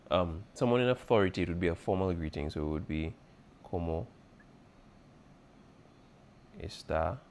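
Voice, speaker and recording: A man's voice: sits low, a little mellow. A man as a teacher going over an exam review, patiently repeating key points and checking in with his students. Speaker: Spanish teacher.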